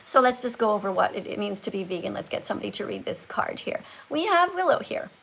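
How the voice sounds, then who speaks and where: A woman's voice: mid-range voice, very animated, fast, vocal fry, fairly bright tone, slight background noise, rough recording. A woman hosting a livestream with callers, lecturing in a preachy, scolding teacher tone. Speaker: livestream host.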